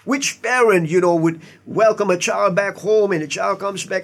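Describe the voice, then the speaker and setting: A man's voice: sits high, moderate pace, creaky, few pauses. A man, a pastor, preaching an earnest sermon with emphatic asides and repeated words. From Indian heritage.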